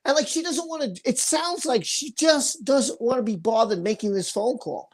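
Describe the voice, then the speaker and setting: A woman's voice: a little high, moderate pace, husky. A woman hosting a casual livestream chat, talking in loose, rambling run-on sentences. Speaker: livestream host.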